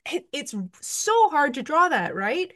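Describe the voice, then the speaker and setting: A woman in casual chat about a comic, telling her reading experience in an expressive, enthusiastic way. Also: high voice, a little slow.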